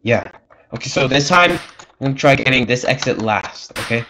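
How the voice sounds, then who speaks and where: A man's voice: mid-range voice, expressive, a little fast, sharp tone, a little hiss or hum. Young guy playing a horror game, cussing nonstop, jumpy, music in background. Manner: jumpy, swears constantly, nervous laughter. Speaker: gameplay streamer.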